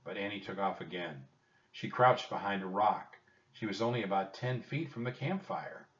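A man reading a children's storybook aloud in a steady, plain storytelling manner. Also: fairly low pitch, normal speed. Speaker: narrator. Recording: echoey, distant, dull lo-fi.

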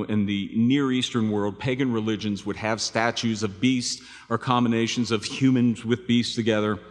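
A man preaches to his congregation, his pitch rising and falling with a lively swing. His tone is conversational and he keeps asking the listeners questions. His voice rings out in a long reverb from the hall. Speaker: pastor. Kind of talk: sermon.

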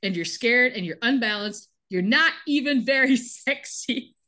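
A woman's voice: on the high side, animated, a little slow, bright, forceful tone. A woman voicing a scornful young woman from a soap opera who mocks and taunts cruelly. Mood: taunting. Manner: sneering, taunting.

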